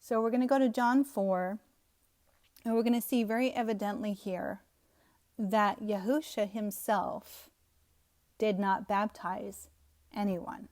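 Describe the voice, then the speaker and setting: A woman's voice: medium pitch, fairly even intonation, a little slow, pauses often, darkish tone. A woman giving scornful, emphatic Bible commentary to her viewers. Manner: scornful, emphatic, laughs at the text. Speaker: Bible teacher.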